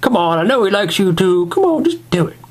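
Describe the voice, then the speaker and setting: A man putting on a squeaky, pushy teen boy. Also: big pitch swings, a little fast, full character voice. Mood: teasing. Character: teenage boy urging his friend on.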